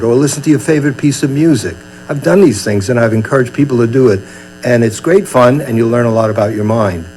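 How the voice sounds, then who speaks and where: Here an older man from Brooklyn, USA, speaks at medium pitch in a darkish tone, giving a humorous, chatty dharma talk as a meditation teacher and acting out small scenes. It's a low-quality recording with a faint mains hum.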